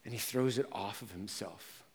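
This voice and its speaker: A man preaching a sermon as pastor, telling personal stories and moving from quiet reflection to intense emphasis. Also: fairly low pitch, moderate pace, long reverb tail.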